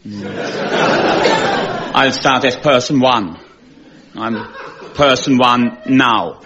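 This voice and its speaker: Slow, deadpan man. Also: mid-range voice, highs cut off, very noisy. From Germany. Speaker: comedy panelist. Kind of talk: stand-up on a panel show. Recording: radio recording with loud audience laughter.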